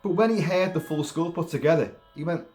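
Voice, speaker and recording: A man talking casually about a film, rambling in an animated way with many restarts and put-on voices. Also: on the high side, fairly quick, soft background music. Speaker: film commentator.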